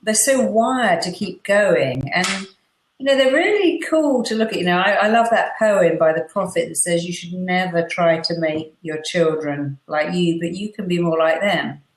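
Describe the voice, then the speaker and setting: A middle-aged woman, chatting as an interview guest and acting out quotes with lively storytelling. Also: fairly low pitch, moderate pace, reverberant, poor audio. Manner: animated storyteller, acts out quotes. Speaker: guest therapist. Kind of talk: casual interview chat.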